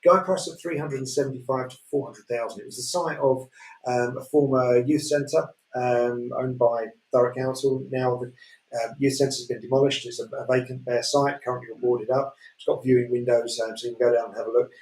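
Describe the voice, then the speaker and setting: A man's voice: mid-range voice, steady tone, a little fast, a little mellow. A man presenting property lots on a live auction show, chatty and hesitant with lots of fillers. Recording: roomy echo.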